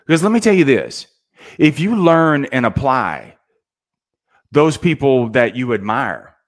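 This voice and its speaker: Middle-aged guy doing a laid-back pep talk for his show, keeps saying "man", ordinary mid pitch. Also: measured pace. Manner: casual, animated, says "man" often. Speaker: podcast host. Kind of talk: motivational talk.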